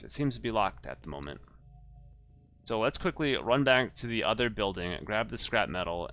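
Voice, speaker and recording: A man hosting a let's play, giving relaxed, self-mocking gameplay commentary. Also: on the low side.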